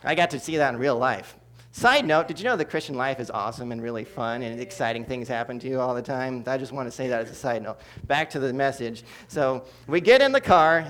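Animated preacher telling a testimony. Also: male voice, medium pitch. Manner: animated, humorous, swings between loud and hushed. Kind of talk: sermon testimony storytelling.

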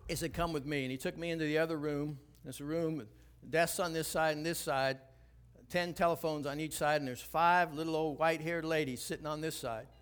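Man, 60s, high-pitched animated preacher telling personal testimony. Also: brisk, smooth. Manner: animated storyteller, acts out dialogue, rises to loud exhortation. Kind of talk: sermon storytelling.

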